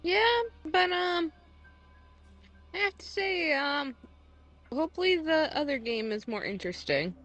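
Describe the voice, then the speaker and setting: A woman bantering casually in a teasing, deadpan way. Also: high voice, unhurried, long pauses, soft background music, rough recording.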